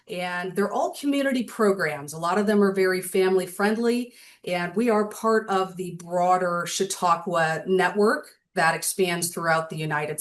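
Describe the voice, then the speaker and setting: A woman on a video call, a nonprofit board member, explaining her group's programs in a friendly, casual way with some fillers. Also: on the low side.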